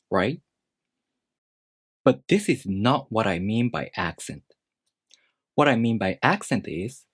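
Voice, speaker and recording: Lively low-voiced male teacher. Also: husky, no echo, studio quality. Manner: deliberate, with spoken pitch demonstrations. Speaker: language teacher. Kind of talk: scripted explanatory lesson.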